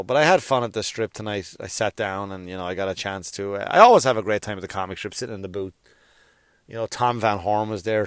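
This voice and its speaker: A man's voice: fairly low pitch, smooth, no room sound, studio quality. A young man, a stand-up comedian, rambling profanely through a solo podcast monologue with lots of restarts and fillers. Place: around New York.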